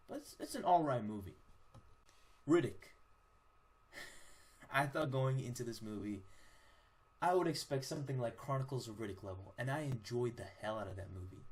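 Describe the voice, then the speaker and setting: A man's voice: medium pitch, darkish tone. A young man casually reviewing movies on his own channel, blunt and profane, with frequent restarts.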